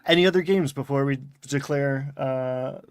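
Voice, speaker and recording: A man's voice: medium pitch, moderate pace, clean tone, no room sound, studio quality. A man with a Long Island accent hosting a casual chat, rambling and correcting himself with chuckles. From Long Island, New York. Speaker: podcast host.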